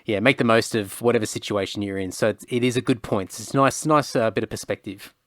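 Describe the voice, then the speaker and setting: A man's voice: on the low side, brisk, fairly bright tone, dry recording, clean studio sound. A man from Queensland, hosting a podcast in an easygoing, encouraging way, often repeating words as he goes. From Queensland, Australia. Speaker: podcast host. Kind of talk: casual chat.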